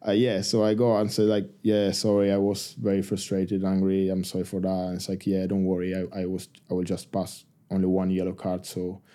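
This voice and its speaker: A man, a rugby player telling stories as a guest in a casual interview, halting and full of restarts. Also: low voice. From Argentina. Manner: halting, many restarts and fillers, relaxed.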